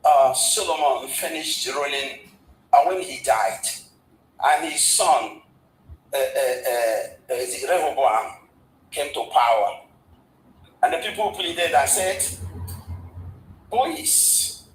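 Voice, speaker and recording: A man's voice: medium pitch, expressive, slow, pauses often, reverberant, a little hiss or hum, low-quality recording. A man, a guest in a casual discussion, who stumbles and repeats words as he retells history at length. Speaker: guest commentator.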